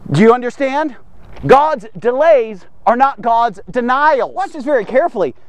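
A man hosting a daily men's devotional, teaching in an animated, conversational way full of rhetorical questions. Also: very high-pitched, moderate pace, dry recording. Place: studio man cave set.

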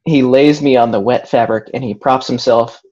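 A man reading a novel aloud in a deadpan way over a video call. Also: mid-range voice, normal speed. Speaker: reader in a group reading. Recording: dull lo-fi video call audio.

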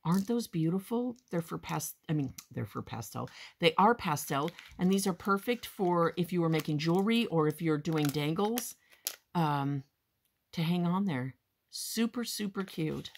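A woman hosting a crafting haul video, chatting casually and gushing with excitement, often calling her viewers "guys". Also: lowish voice, moderate pace, slight background noise. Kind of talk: casual show-and-tell haul chat.

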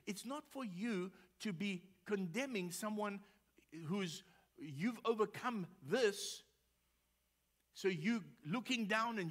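A man's voice: sits high, a little slow. A man preaching a sermon as pastor, telling a personal story in a conversational way with frequent repeated words. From South Africa.

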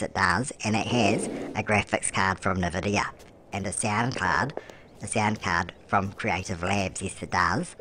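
A man's voice: lowish voice, noisy background, natural voice. A man playing a chatty elderly grandmother who hosts a game commentary, calling the listener love and answering his own questions. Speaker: game host. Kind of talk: let's-play commentary. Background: music.

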